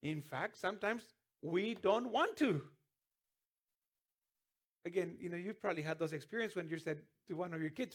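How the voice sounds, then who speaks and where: A man's voice: high-pitched, animated, normal speed. A man preaching a sermon as pastor, earnest, with restarts and sudden emphatic rises.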